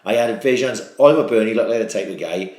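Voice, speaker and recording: A man's voice: fairly low pitch, quick pace, darkish tone. A man hosting a podcast, rambling through a story in casual chat with frequent restarts and swearing. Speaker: podcast host. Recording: echoey room.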